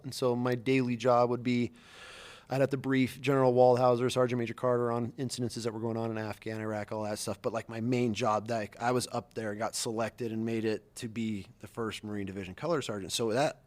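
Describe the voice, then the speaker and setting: Animated, profane man telling war stories. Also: medium pitch, brisk. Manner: animated, profane, slangy, acts out quotes. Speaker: podcast guest, former Marine. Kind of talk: casual storytelling.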